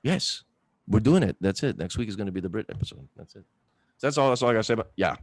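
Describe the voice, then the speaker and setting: Fast animated guy cohosting a podcast, jokey, lots of ups and downs in his voice. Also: on the low side, dry recording. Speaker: podcast co-host. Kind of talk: casual chat.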